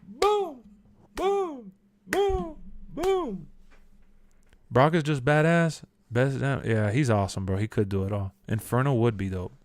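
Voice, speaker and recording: A young man chatting casually on a live stream, answering chat in loose slang and bursting into loud shouts when he quotes people. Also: medium pitch, a little fast, hardly any pauses. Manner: animated, jumps to shouts when quoting.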